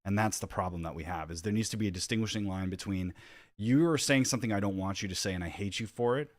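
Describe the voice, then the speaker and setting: Low-voiced man rambling through commentary. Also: fast, no room sound, clean studio sound. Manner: rambling, restarts mid-sentence. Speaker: YouTube commentator. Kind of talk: casual reaction commentary.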